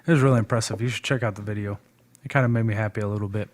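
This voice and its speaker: On a live stream, a man appearing as a guest debater chats casually about politics, rambling in a loose, informal way. His voice is lowish, his tone steady, and his delivery rapid-fire.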